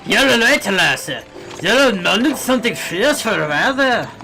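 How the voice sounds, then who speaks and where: A man's voice: high-pitched, expressive, a little slow, gravelly, pushed and bright, pitched above the performer's own voice, heavily acted. Man doing a folksy old-timer, drawling, game music behind. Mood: reassuring. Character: gruff older man with a put-on folksy accent.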